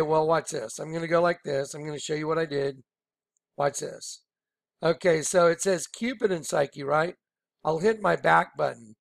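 Guy with a high gravelly voice walking thru bible stuff on his screen, all excited, dry close sound. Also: no room sound. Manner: excited, rambling, keeps saying "watch this". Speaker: Bible teacher. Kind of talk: informal screen-share Bible study.

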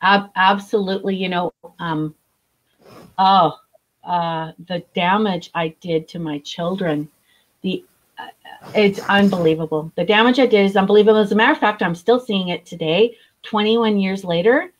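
A woman's voice: mid-range voice, normal speed, poor audio. Blunt woman in recovery telling her story. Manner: blunt, animated, swears freely. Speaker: guest author in recovery. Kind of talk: candid storytelling.

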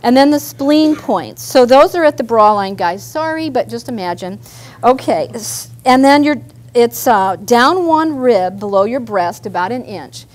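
A woman's voice: fairly high pitch, animated, measured pace. A woman therapist leading a live group workshop, chatty and guiding people through simple movements. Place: meeting room with a group.

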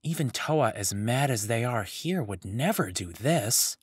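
A man's voice: lively intonation, unhurried, breathy edge, no echo, studio quality. A man voicing a determined male hero of light who speaks in a curt, commanding way. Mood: shocked. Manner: curt, commanding, low-key.

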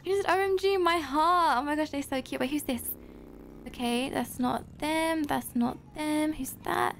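A woman hosting a Roblox gameplay video, talking straight to her viewers in an excitable, gushing way full of gasps and squeals. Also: high-pitched, normal speed, gravelly, slight background noise. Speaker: YouTuber host.

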